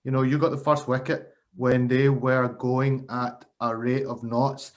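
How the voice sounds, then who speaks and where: A man's voice: medium pitch, flat delivery, measured pace. A man hosting a casual interview, asking friendly, conversational questions.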